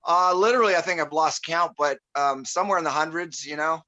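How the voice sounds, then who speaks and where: Over a video call, a male guest musician rambles casually through a story, pausing and using fillers as he hunts for words. His voice is on the high side and sharp, the recording dry with the highs cut off.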